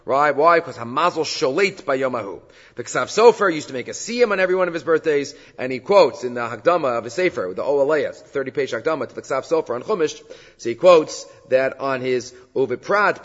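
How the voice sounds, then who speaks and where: A man teaching a Talmud lesson in a fairly high, lively voice. He chants the quoted texts before explaining them. The sound is dull and lo-fi, with a long reverb tail like a big hall. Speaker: Torah teacher.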